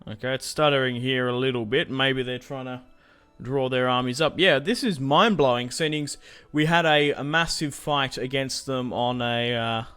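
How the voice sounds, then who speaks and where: Smooth-voiced man thinking aloud over gameplay. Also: medium pitch, moderate pace, hardly any pauses, a bit bright, faint music behind. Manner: thinks aloud, rambling with fillers. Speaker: gaming YouTuber. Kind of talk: casual gameplay commentary.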